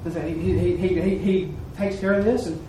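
A man with a high voice preaches a folksy testimony, acting out each voice in his story. He is picked up from well off the mic, so the sound rings around a roomy church, with a faint hiss underneath. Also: fairly even intonation, normal speed. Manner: folksy, acts out quoted dialogue. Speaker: lay preacher. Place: church service. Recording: echoey room, mic far off.

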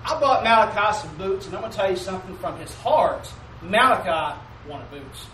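This homey sermon comes from a high-pitched male pastor who keeps stopping for the congregation's "Amen" and slowly drawls mock King James commandments. He sounds expressive with a sharp tone, positioned far from the mic, with echo filling the church sanctuary and a faint room hum underneath.

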